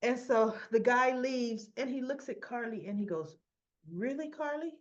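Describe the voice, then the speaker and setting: A woman's voice: on the high side, moderate pace, dull audio. A woman chatting through a casual soap opera episode recap, acting out the characters' lines as she goes.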